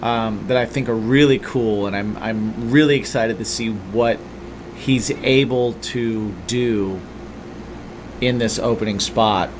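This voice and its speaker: A man's voice: fairly low pitch, slow, background noise. A man co-hosting a podcast, talking loosely in casual chat with lots of fillers and restarts. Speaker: podcast co-host.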